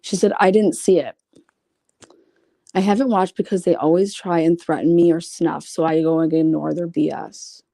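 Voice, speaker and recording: With a low, gravelly yet warm voice, a woman streams casually and reads private messages aloud, peppering them with blunt, sarcastic, profane asides. She keeps a steady tone at a moderate pace, and the dry recording has clean studio sound.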